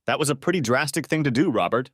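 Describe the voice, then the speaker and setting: A man's voice: medium pitch, expressive, fast talker, no room sound, studio quality, lightly acted. A man voicing a distraught adult wife who pleads and defends herself, in a story reading. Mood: accusing.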